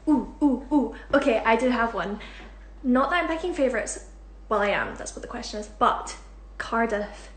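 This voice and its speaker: A woman's voice: fairly high pitch, sharp tone. Chatty young woman, echoey room. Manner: chatty, giggly, self-deprecating. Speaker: musical theatre performer. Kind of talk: casual social media Q&A.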